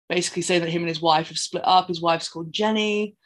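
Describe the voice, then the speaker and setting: Fast and with few pauses, this podcast co-host speaks in a fairly low voice with a steady tone. She casually recaps films, rambling through scenes and performing the characters' lines.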